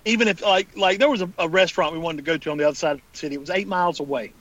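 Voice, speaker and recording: A man's voice: fairly high pitch, very fast, fairly bright tone, muffled recording. A man from South Carolina with a Southern accent, co-hosting a casual podcast chat and telling stories with laughs and swearing. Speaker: podcast co-host.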